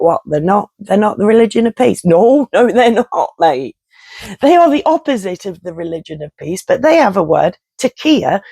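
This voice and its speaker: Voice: mid-range voice, creaky, darkish tone, breathy edge, no room sound. A vlogger, delivering an angry, swearing rant straight to camera. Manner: heated, swearing, blunt. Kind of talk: angry ranting monologue to camera.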